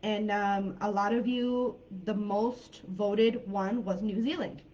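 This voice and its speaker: A woman's voice: medium pitch, steady tone, takes it slowly, a little mellow, highs cut off. An American woman from California teaching a live online English class in a chatty, informal way, with many fillers and hedges. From California, United States.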